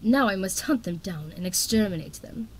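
A woman's voice: mid-range voice, lively intonation, normal speed, slightly rough. A woman voicing a cruel, commanding female sea dragon queen who speaks dismissively and with menace. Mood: cold menace.

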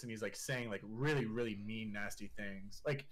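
A man's voice: on the low side, brisk. Young man telling a profane story. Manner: profane, with constant "like" fillers; animated, laughing through funny parts. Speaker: podcast guest. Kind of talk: casual storytelling.

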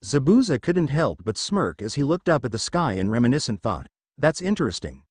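Brief: male narrator, lively pitch, dry close sound, storybook read. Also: a little fast, breathy edge, no echo. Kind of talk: storybook reading.

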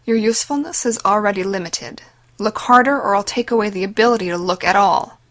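A woman's voice: medium pitch, a little fast, a bit bright, close to an everyday voice. A woman voicing a vicious one-eyed female arms dealer who screams and then threatens coldly. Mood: cold menace. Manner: screaming, snarling, then cold menace.

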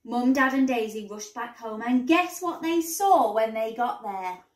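A woman teacher reading a bedtime story aloud in an expressive storybook manner, in a roomy recording. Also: fairly high pitch, unhurried, far from the mic. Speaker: primary school teacher. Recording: roomy echo.

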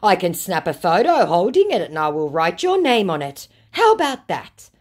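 A woman's voice: on the low side, huge pitch swings, moderate pace, voice pushed up. A woman reading out the messages of a smarmy male scammer pretending to be a celebrity, overeager and wheedling.

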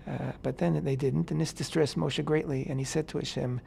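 A man on a radio talk show explaining a Bible passage in a casual, animated way, acting out the characters' words in paraphrase. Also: on the high side, fairly quick, creaky, a little hiss or hum. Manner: animated, acts out quotes in paraphrase, many fillers. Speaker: radio host teaching the weekly Torah portion. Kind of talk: casual Torah discussion on radio.

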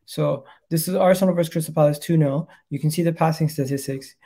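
Young guy hosting a football chat, gravelly and kinda mellow, laughs a lot. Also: on the high side, steady tone, fast. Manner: chatty, laughs easily, breaks into impressions. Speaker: football channel host. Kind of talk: casual chat.

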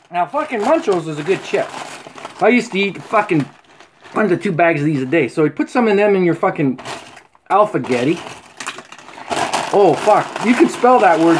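A middle-aged man rambling crudely in a casual vlog, swearing constantly with rough humor. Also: high voice. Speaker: vlogger. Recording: faint background noise.

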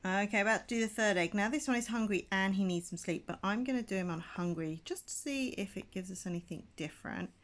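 A woman giving casual gameplay commentary, excitable and chatty, gasping and squealing as she talks to her viewers. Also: mid-range voice, fast talker, few pauses. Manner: chatty, addresses viewers as guys. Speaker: gaming channel host.

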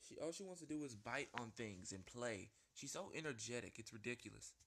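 A man giving live gameplay commentary at home, rambling and self-interrupting, jumping to squeaky panicked yelps and whiny pleading. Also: animated, a little fast, fairly bright tone, a little hiss or hum. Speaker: gaming video host. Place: at home with a small dog.

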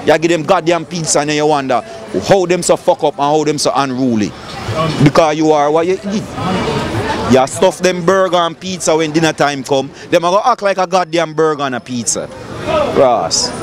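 A Jamaican man, middle-aged, preaches outdoors on a city street. His fiery, cursing sermon runs fairly high for a man, and a loud crowd carries on around him. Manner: fiery, profane, lecturing.

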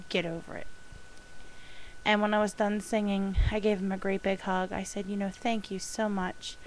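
A woman talking casually in a video diary, gushing with excitement and often pausing with ums and restarts. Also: medium pitch, a little hiss or hum, low-quality recording. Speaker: vlogger.

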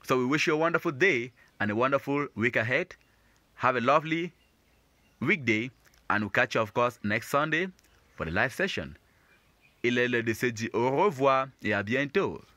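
A man's voice: mid-range voice, expressive, normal speed, bright, forceful tone, dry recording. A man teaching beginners, patiently repeating and explaining each phrase in a lesson. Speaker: French teacher.

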